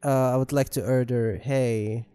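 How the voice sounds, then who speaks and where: Slow, joking man with game music reverb. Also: medium pitch, steady tone, warm tone, smooth. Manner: joking, rambling, self-mocking. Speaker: gameplay commentator. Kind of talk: let's play commentary.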